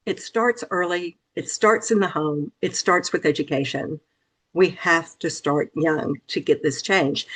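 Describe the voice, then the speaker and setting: A woman's voice: on the low side, a bit bright. A middle-aged woman from Memphis, Tennessee, speaking as an author guest in an interview, earnest and emphatic, repeating phrases for stress. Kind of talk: interview conversation.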